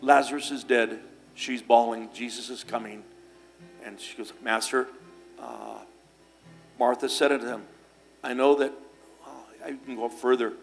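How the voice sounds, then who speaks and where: Guy preaching in a church, chatty and folksy, bit of quiet music playing behind him. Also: medium pitch, fairly even intonation, measured pace, vocal fry, long pauses. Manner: folksy storytelling with fillers and restarts. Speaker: pastor. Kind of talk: sermon.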